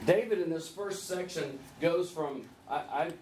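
A man leading a group Bible study, conversational and gently teasing, asking the group questions. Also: fairly high pitch, measured pace, hardly any pauses. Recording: echoey room, distant mic, faint hiss.

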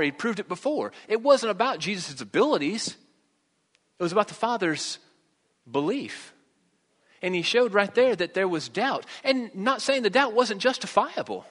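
Animated preaching man in a reverberant hall. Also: fairly high pitch. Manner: conversational, animated, rhetorical questions. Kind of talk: sermon with scripture reading.

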